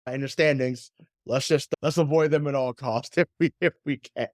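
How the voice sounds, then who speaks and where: A man's voice: mid-range voice, fairly even intonation, normal speed, no echo, clean studio sound. A man hosting a sports podcast, chatting in a loose, profane way, laughing often and repeating words as he gets going. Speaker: podcast host. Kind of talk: casual sports podcast chat.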